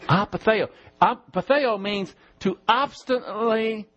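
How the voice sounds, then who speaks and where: Male pastor, high voice, verse-by-verse sermon in church, muffled low-fi recording. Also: animated, fairly bright tone. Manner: teaching Bible verses, spelling out Greek words slowly.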